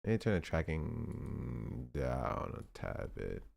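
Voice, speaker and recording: A man's voice: rumbling low, very animated, slow, gravelly, a little mellow, breathy edge. A male streamer chatting casually and joking with his chat while testing his audio setup. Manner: rambling, joking, testing his mic aloud.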